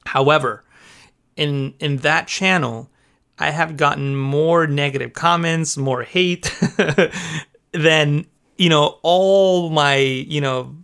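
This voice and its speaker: A man's voice: fairly high pitch, vocal fry, clear, resonant tone. A man who is a guest on a podcast, chatting casually and laughing often as he tells stories. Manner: laughs often, animated storytelling. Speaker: podcast guest, YouTube creator.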